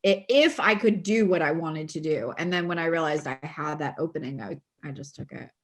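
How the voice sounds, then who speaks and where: A woman author talking as a guest on a casual podcast, animated and quick to laugh, with many fillers and restarts. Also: low voice.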